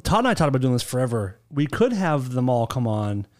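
A man's voice: mid-range voice, very animated, fairly quick, a little mellow. A man co-hosting a podcast in casual banter, teasing his co-hosts and laughing often. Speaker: podcast co-host.

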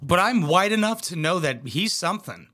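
A man's voice: high voice, very animated, moderate pace, sharp tone. A young man hosting a reaction commentary, crude, sarcastic and mocking as he talks over clips. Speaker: commentary host.

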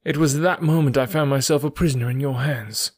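A man's voice: medium pitch, fast, a little mellow, slightly rough, no echo, studio quality, natural voice. An actor reading the part of an anxious young prisoner confessing his story, in an earnest, pleading manner. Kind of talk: audiobook dialogue reading.

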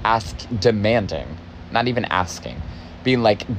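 A man's voice: lowish voice, animated, a little slow, slight background noise. A young man telling a story in a casual, agitated way, cursing often for emphasis. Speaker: podcast host, former barista.

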